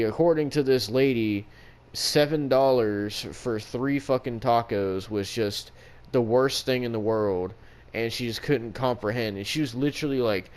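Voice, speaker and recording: A man co-hosting a casual podcast, telling a rambling story full of profanity. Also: medium pitch. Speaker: podcast co-host.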